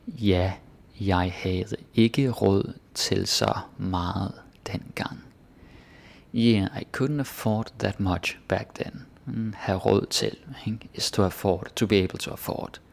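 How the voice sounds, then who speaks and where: A man from Denmark, giving a casual language lesson and slowing down to read example phrases aloud. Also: fairly low pitch, gravelly, a little hiss or hum. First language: Danish. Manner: relaxed explaining, slows down to read phrases. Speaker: language teacher.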